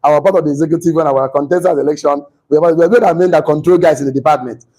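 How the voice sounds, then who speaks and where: A man lecturing a class, animated, repeating himself and putting questions to the room. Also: on the high side, very fast, poor audio.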